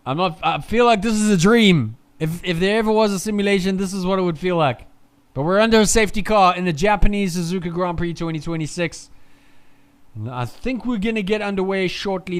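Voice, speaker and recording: A young man streams loose, rambling live race commentary, swearing freely and talking excitedly while sounding groggy from lack of sleep. His tone is a little high, clear, and resonant.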